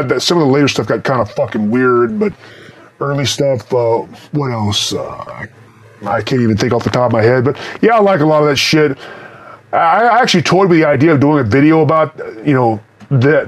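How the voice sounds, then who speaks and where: A man with a mild Texas accent, speaking through a voice changer, answers viewer questions in blunt, profane, rambling casual chat. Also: medium pitch.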